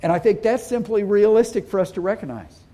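A man's voice: sits high, lively intonation, fairly quick, mellow. A middle-aged man preaching a sermon as pastor, speaking earnestly and with emphasis.

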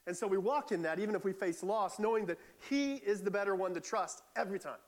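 A man's voice: high-pitched, fast. A middle-aged man preaching a sermon in an earnest, conversational way, often restarting his sentences.

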